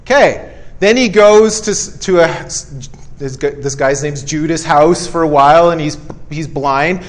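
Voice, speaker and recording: A man's voice: fairly high pitch, measured pace. A male preacher giving a conversational sermon, emphatic and repetitive with folksy asides.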